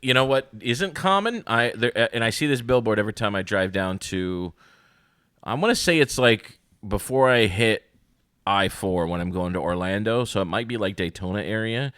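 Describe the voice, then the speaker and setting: Podcast host, low-pitched man, dry close mic, loose rambling chatter. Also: normal speed, clear, resonant tone, no echo. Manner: rambling, animated storytelling with voices. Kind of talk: casual chat.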